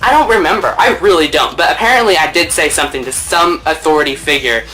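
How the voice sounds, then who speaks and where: A man telling a story in a casual vlog, animated, laughing, and swearing freely. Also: a little high, quick pace, soft background music, low-quality recording. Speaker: vlogger.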